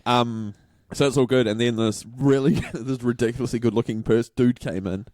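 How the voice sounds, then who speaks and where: A man's voice: mid-range voice, steady tone, normal speed, darkish tone, no echo, studio quality. New man telling a story. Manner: storytelling, acting out quoted voices. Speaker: podcast co-host. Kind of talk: casual chat.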